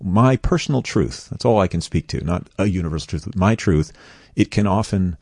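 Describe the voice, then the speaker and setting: A man's voice: sits low, expressive, brisk, gravelly, darkish tone, no echo. A middle-aged man from New York, a guest talking earnestly and reflectively in a studio, laughing now and then. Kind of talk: reflective conversation.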